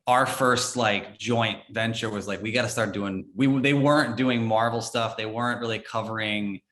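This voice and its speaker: Excitable American man, bright voice. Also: lowish voice, moderate pace. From United States. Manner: excitable, repeats words when starting sentences. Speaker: guest, former entertainment reporter. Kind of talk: casual podcast chat.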